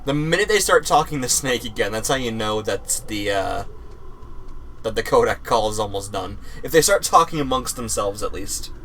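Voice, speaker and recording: A man's voice: on the low side, lively intonation, normal speed, fairly bright tone, a little hiss or hum. A young man streaming a game live, rambling, repeating himself and swearing as he plays.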